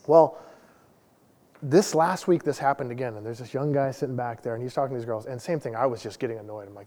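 A man's voice: medium pitch, fast talker, mellow. A man in his forties, a lay pastor, giving a conversational sermon with a casual, self-deprecating personal story. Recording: long hall reverb.

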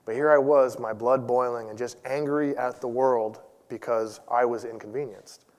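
A man's voice: mid-range voice, fairly even intonation, normal speed. A man in his forties, a church elder, preaching a sermon in a conversational, self-deprecating storytelling way. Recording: long reverb of a large hall.

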